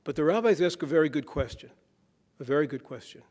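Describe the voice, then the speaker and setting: A man's voice: fairly high pitch, animated, quick pace, a little mellow. A man delivering a conference keynote speech, weaving jokes and anecdotes into a preacher-like cadence. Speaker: keynote speaker. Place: conference hall. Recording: long reverb in a conference hall.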